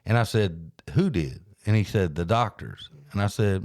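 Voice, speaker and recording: A man, hosting a podcast and telling a story in a folksy, animated way. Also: deep voice, moderate pace, few pauses, no room sound, studio quality. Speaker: podcast host. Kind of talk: casual storytelling chat.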